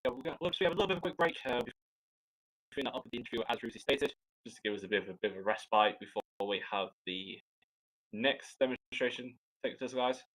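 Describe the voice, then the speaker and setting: A Scottish man talks his way through live air show commentary. He is chatty and loose, cracking jokes and restarting sentences as he goes, in a voice of ordinary middle pitch. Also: quick pace, fairly bright tone, poor audio. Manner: chatty, joking, rambling with restarts.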